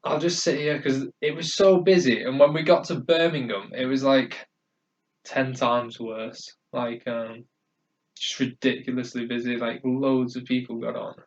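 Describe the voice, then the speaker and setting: A podcast host from the North of England tells stories in casual chat, rambling and hesitant with many fillers and restarts. His mid-range voice has fairly even intonation and a slightly slow pace. He's far from the mic, so the sound is muffled.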